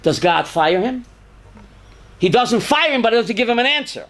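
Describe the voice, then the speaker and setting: Animated high-voiced man teaching scripture. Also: moderate pace. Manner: animated, reads Hebrew verses aloud and translates, questions the audience. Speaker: rabbi. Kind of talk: Torah class lecture.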